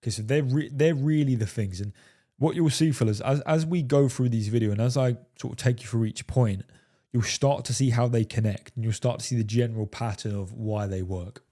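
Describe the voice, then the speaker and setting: Speaking briskly in a mellow, mid-range voice, a man coaches his viewers on dating in a monologue to camera. He's emphatic, swears freely, and keeps dropping "fellas" and "right?".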